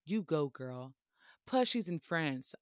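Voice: medium pitch, sing-song, slow, no echo. Casual podcast host, playful and jokey, talking over a dry, close sound. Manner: playful and chatty, with joking asides and frequent laughter. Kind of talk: casual history podcast narration.

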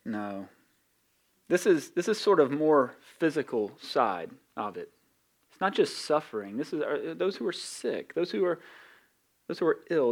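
A man's voice: on the high side, darkish tone. A middle-aged man with a Southern accent, a pastor giving a sermon in a conversational, self-deprecating way. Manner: conversational, self-deprecating, with quick acted asides.

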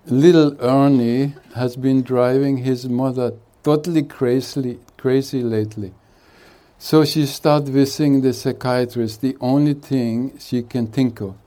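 Guy giving a slow satsang talk, mellow dark voice, chuckling a lot. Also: mid-range voice, steady tone. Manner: unhurried, chuckling between thoughts. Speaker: spiritual teacher. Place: retreat hall.

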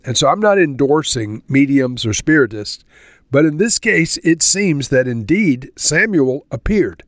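An earnest male Bible teacher who talks his way through scripture in a conversational tone, stopping to explain each passage. His voice sits at an ordinary middle pitch. The recording is close and dry, with no room sound. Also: lively intonation, measured pace, dry recording. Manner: conversational, earnest, reads verses aloud then explains; ends in spoken prayer. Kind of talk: verse-by-verse Bible commentary.

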